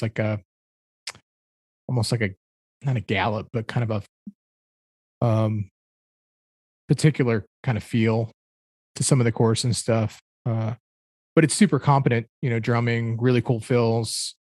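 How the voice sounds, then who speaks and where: A man's voice: mid-range voice, fairly even intonation, normal speed, pauses often, a little mellow, dry recording. A man co-hosting a music podcast, talking through a record casually and hunting for the right words. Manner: rambling, searches for words with fillers. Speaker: podcast co-host. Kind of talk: casual chat, music review.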